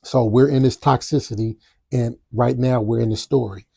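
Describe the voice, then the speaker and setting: A man hosting a podcast, casually telling a personal story in an animated way with spoken sound effects. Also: mid-range voice, normal speed, creaky, slightly rough, no echo, studio quality. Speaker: podcast host.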